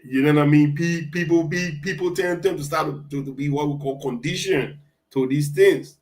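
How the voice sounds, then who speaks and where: Male talk show co-host, kinda high pitched, keeps restarting his sentences. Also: steady tone, a little mellow, poor audio. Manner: halting, many restarts and fillers. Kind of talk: casual political talk show chat.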